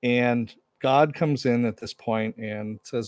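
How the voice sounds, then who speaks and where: A man's voice: lowish voice, fairly even intonation, slow, hardly any pauses, clear, resonant tone, no echo, studio quality. A man giving a casual, rambling recap of a TV episode, full of fillers and asides. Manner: rambling, filler-heavy storytelling. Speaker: TV recap reviewer.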